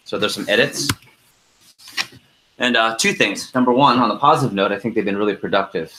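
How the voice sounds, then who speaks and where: Bright-voiced man telling a story on a call. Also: fairly low pitch, fairly quick, slight background noise. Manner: animated, laughing storyteller. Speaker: team leader on a conference call. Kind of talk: casual storytelling then call agenda.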